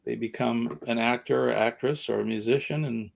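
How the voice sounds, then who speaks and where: A man's voice: medium pitch, steady tone, moderate pace, creaky. A man with a Southern American accent hosting a live stream, chatting casually and rambling with many fillers. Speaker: livestream host.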